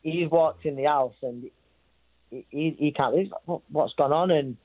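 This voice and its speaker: Speaking at normal speed in a fairly high voice, a boxer rambles through a story in an interview, repeating himself as he quotes others. The recording has no echo and sounds thin, like a phone.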